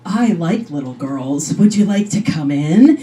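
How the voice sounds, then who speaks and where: A charming but menacing man on crutches coaxes in a smooth, low voice, as a woman comic plays him. He sounds predatory and relaxed. The voice sits slightly back from the mic. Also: measured pace, far from the mic, faint music behind. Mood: creepy.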